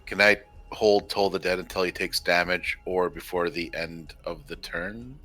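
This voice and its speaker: A man's voice: low voice, fairly even intonation, pushed and bright. A man playing in a tabletop game, chatting casually and asking about the rules. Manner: unhurried, asks rules questions. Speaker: player.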